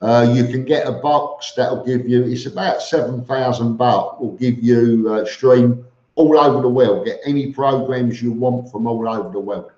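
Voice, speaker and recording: This vlogger, a middle-aged man from East London, speaks at a moderate pace with a medium pitch, fairly even intonation and a slightly mellow quality. Chatting casually on his live stream to answer viewers, he's blunt and rambling, often restarting and saying um. The recording is roomy and a bit dull.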